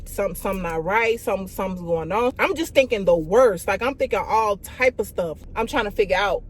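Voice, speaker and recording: Animated young woman telling a storytime vlog. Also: mid-range voice, fast, few pauses, breathy edge. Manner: animated, profane, fillers of "like" and "y'all". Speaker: vlogger.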